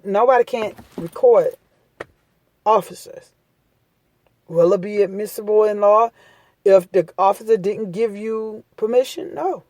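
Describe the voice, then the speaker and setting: Her voice is medium-pitched and dark, with no echo, as she speaks straight to viewers in a casual yet impassioned advice monologue. This vlogger is blunt and preachy, using street-talk and hammering points home by saying them again.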